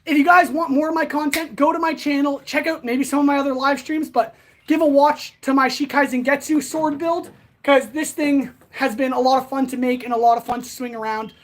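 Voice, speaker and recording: A woman's voice: high-pitched, steady tone, a little fast. A woman hosting a casual livestream, winded as she talks between sword swings and answers viewers. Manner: chatty, answers viewers directly. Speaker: blacksmith livestream host.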